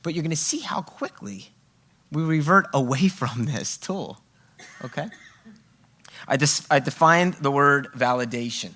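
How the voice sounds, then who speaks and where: A bright, clear male voice addressing a room full of parents. He talks emphatically and keeps checking in with his listeners as he leads a workshop on communication. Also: on the high side, lively intonation, unhurried, long pauses. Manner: emphatic, often checking in with "okay?" and "right?". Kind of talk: live workshop talk to an audience. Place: room with a live audience.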